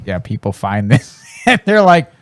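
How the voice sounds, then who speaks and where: Lively man, animated chat. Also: mid-range voice, a little slow. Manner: animated, laughs often, acts out quoted voices. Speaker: podcast co-host. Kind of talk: casual chat.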